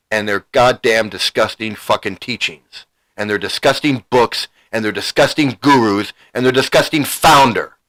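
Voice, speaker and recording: A middle-aged man hosting his own stream, talking heatedly and emotionally. He repeats himself as he vents and swears freely. His voice sits at an ordinary middle pitch. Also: fairly bright tone, poor audio. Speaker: channel host. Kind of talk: angry livestream rant.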